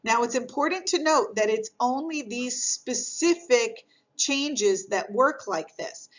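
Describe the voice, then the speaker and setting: A woman explaining grammar in a recorded lesson, patient and clear, repeating key points as she goes. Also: fairly high pitch, slow, highs cut off. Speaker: French teacher.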